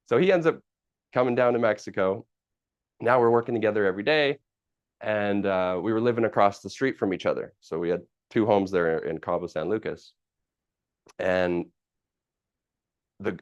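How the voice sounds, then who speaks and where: Low-voiced man telling a rambling story. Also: no room sound, muffled recording. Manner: rambling, with many fillers, restarts and casual swearing. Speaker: live stream host. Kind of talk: casual personal storytelling.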